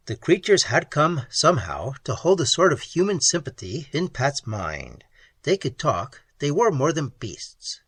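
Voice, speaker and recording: A man narrates a story aloud in an expressive, unhurried way. His voice is husky and swings widely in pitch. The recording is dry and close. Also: no echo. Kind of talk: audiobook narration.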